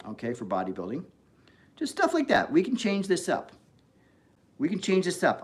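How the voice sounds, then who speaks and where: Blunt animated man on a livestream. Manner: blunt and animated, swears, swings between loud and low. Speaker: fitness show organizer and channel host. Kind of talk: casual livestream monologue.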